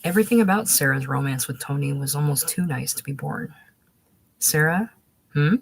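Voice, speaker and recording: A woman narrating a novel as an audiobook reader, in a measured, even storytelling manner. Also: a bass voice, vocal fry, a little hiss or hum, rough recording.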